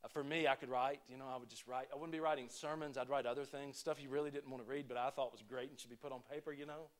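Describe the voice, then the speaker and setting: A man preaching a sermon to his congregation, talking in a conversational way that swings between emphatic points and quiet asides. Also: mid-range voice, steady tone, fast talker. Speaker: pastor.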